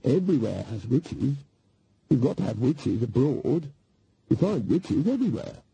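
A man's voice: mid-range voice, big pitch swings, unhurried, gravelly, noisy background. A man voicing an earnest, somewhat gloomy young woman witch with a plaintive manner, read as an audiobook character.

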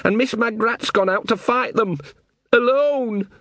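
A man's voice: very high voice, a little slow, a bit bright, dry recording, voice pushed up. A man voicing an anxious young male guard, near tears and pleading with his mother. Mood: upset. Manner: pleading, breathless, repeats "Mum".

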